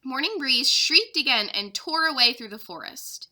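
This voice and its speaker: A woman's voice: high-pitched, normal speed. A young woman, a third-grade teacher, expressively reading a children's chapter book aloud to her class. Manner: expressive storyteller.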